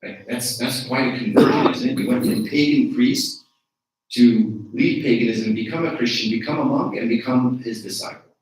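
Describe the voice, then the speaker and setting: A man delivers a conversational sermon, pausing to toss questions back at the pews. His voice sits at an ordinary middle pitch. It reaches the listener from some distance, filling a large, very echoey church. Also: a little hiss or hum. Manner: engages the congregation with frequent rhetorical questions. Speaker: archdeacon preaching.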